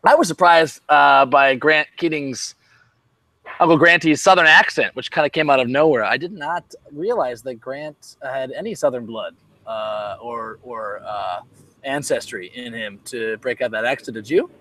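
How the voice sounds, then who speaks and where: A man's voice: mid-range voice, normal speed, bright, forceful tone, no echo. A man co-hosting a casual sports podcast, rambling with many fillers and wry jokes. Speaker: podcast co-host.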